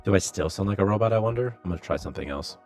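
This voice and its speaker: A game developer talks casually to his livestream viewers, half muttering to himself as he pokes at his settings. His voice sits very low, picked up by a desk microphone. Faint music plays quietly behind him. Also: lively intonation, rapid-fire. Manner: chatty, muttering to himself while troubleshooting. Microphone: desktop mic with webcam.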